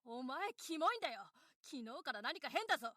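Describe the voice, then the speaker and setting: A woman voicing a furious, foul-mouthed tomboyish schoolgirl in a game, snapping rough insults. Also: high voice, very animated, very fast. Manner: shouting insults, rough street talk. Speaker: game character.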